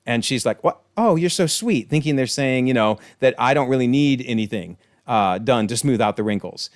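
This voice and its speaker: A man talking through a TV episode in a loose, chatty way, amused and quick to call things hilarious. His voice sits at an ordinary middle pitch. The sound is dry and close, with no room echo. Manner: briefly acts out quoted lines in changed voices. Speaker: online TV episode reviewer. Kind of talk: casual episode breakdown commentary.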